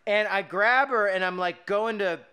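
A man with a high, bright voice hosts a podcast and tells a story in a loose, chatty way. He talks with animated energy and laughs often as he goes. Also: moderate pace, smooth. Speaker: podcast host. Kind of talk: casual storytelling chat.

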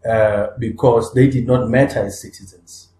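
A man's voice: mid-range voice, fairly even intonation, normal speed, mellow. Earnest man in echoey room. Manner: earnest, restarts phrases, rising emphasis on key points. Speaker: podcast co-host. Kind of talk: conversational discussion.

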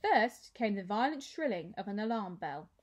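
A woman teacher reading a children's novel aloud with expressive storytelling. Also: medium pitch, normal speed.

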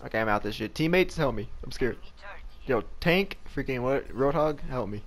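A man's voice: mid-range voice, animated, moderate pace. A young man giving live gameplay commentary, frustrated and swearing as he rants at the game. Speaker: gameplay streamer.

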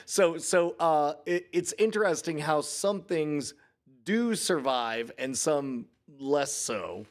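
A man in his forties with a slightly high-pitched voice talks casually and rambles. He tells stories with plenty of fillers and restarts, and he acts out the quotes in lively voices. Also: unhurried. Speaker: podcast co-host. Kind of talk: casual chat.

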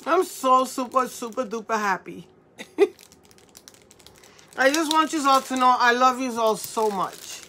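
Woman, middle-aged, live jewelry seller, teary and giggly, affectionate, bright voice. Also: high voice, lively intonation, slow pace, long pauses, a little hiss or hum. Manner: tearful and laughing through words; affectionate, calls viewers mamacita. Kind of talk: emotional live-stream sales chat.

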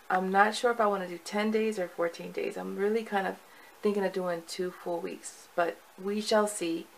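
A woman's voice: on the low side, creaky, a little hiss or hum, poor audio. A woman recording a casual video diary at home, chatty and rambling, with many fillers and restarts. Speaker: vlogger.

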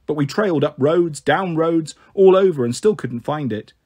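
A man reading a children's storybook aloud, expressive and voicing each character. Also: on the high side, normal speed, husky. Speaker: audiobook narrator.

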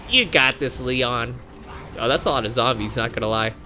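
A young man streams a co-op game with casual commentary, his mid-range voice at normal speed against soft background music. He gets excitable, laughing and swearing, and yelps whenever his character takes a hit.

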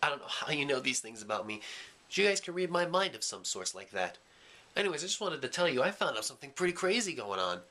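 Young guy rambling goofy in a vlog, bright tone, lots of filler words. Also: on the high side, very animated, fast. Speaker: vlogger.

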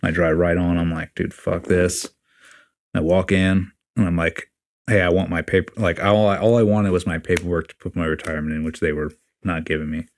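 A man in his forties with a very deep, low-pitched voice sits as a guest in a casual interview. He recounts events bluntly, swears without hesitation, and slips into quoting what other people said. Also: a little fast, hardly any pauses. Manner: blunt, profane, animated retelling with quoted dialogue. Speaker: podcast guest, retiring Navy SEAL chief.

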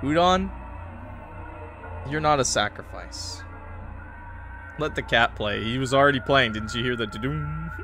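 A man's voice: medium pitch, unhurried, pauses often, pushed and bright, soft background music. A man streaming a game, chatting casually with his viewers and laughing often. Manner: laughs often, joking with chat. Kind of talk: casual gameplay commentary.

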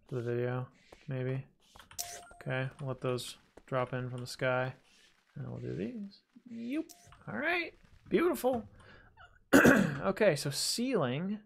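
A man with a gravelly, fry-edged voice talks through a game as he plays it. He rambles casually, mutters to himself, and pokes fun at his own slip-ups. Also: medium pitch, a little hiss or hum. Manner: chatty, self-deprecating, talks to himself while playing. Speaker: gaming video host. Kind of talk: casual let's-play commentary.

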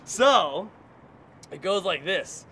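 A man's voice: sits high, lively intonation, drawn-out words, sharp tone, a little hiss or hum. A man hosting a playful game show, joking and teasing his guest. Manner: jokey, teasing, hypes up the win.

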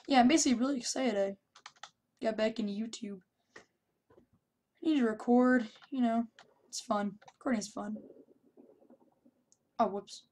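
A young woman commenting on her own gameplay, shouting taunts in bursts and then muttering to herself. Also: a little high, normal speed, long pauses. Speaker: gameplay YouTuber.

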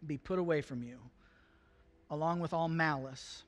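A man's voice: on the high side, fairly even intonation, moderate pace. A man preaching a sermon, talking to the congregation in an earnest, conversational way and lifting his voice for emphasis. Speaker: pastor.

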